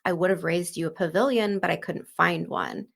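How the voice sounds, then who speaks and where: A woman's voice: fairly low pitch, moderate pace, gravelly. A woman voicing a bold eight-year-old orphan boy in a casual, everyday paraphrase. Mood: cheeky.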